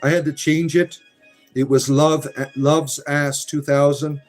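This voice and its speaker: A man's voice: a little high, little pitch movement, slow pace, faint music behind. Wry man reading chat aloud. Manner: chatty, wry, reads comments aloud with muttered asides. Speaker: livestream host reading chat. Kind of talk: casual live-stream chat.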